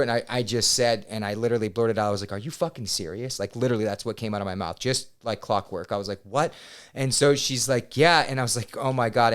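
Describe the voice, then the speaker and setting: Man, thirties, podcast guest; smooth clear voice, animated storyteller. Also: mid-range voice. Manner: animated, swears, quotes himself loudly. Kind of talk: casual storytelling. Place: podcast studio.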